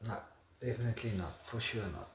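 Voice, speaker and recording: A man from South Africa hosting a casual interview, asking halting, hesitant questions. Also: fairly low pitch, steady tone, roomy sound. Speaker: host.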